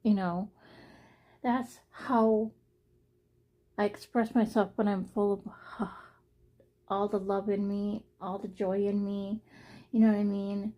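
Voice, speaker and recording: A woman's voice: mid-range voice, flat delivery, slow pace, long pauses, dark tone. A young woman talking casually to her viewers in a personal vlog, rambling and earnest, often repeating herself. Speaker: vlogger.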